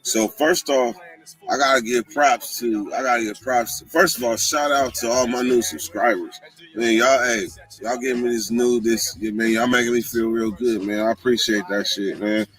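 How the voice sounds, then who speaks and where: A man tells a prison story in a casual vlog, full of profanity and voicing other people in a high pitch. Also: fairly even intonation, normal speed, a bit bright, low-quality recording. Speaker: vlogger, former prisoner.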